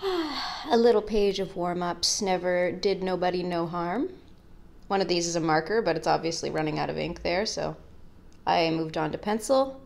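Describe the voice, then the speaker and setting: A woman's voice: fairly low pitch, normal speed, vocal fry, darkish tone. Rambling, jokey young woman vlogger. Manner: rambling, jokey, with many fillers and asides. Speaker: art vlogger. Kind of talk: casual sketchbook walkthrough.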